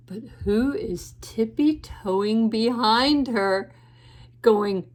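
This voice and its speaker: A woman teacher reading a picture book aloud to children in a gentle way, pausing to ask the listener questions. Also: fairly high pitch. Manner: gentle, asks the listener questions, laughs often.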